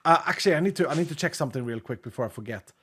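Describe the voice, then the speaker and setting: Gushing late-thirties male streamer, higher voice. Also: expressive, very fast, a bit bright, husky. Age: late 30s. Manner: gushing and emotional, laughs often. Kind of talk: casual live-stream chat, reading out viewer messages.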